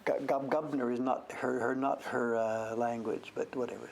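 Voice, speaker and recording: Gravelly older man chatting while he carves. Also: mid-range voice, fairly even intonation, normal speed, a little hiss or hum. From Canada. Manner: rambling, chatty, talks while he works. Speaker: woodblock printmaker streaming live. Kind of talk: casual livestream chat while carving.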